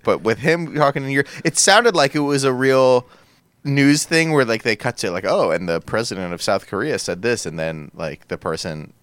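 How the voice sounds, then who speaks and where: A man co-hosting a podcast in casual chat, animated and rambling, with many filler "like"s, on a close microphone. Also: lowish voice, no room sound. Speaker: podcast co-host.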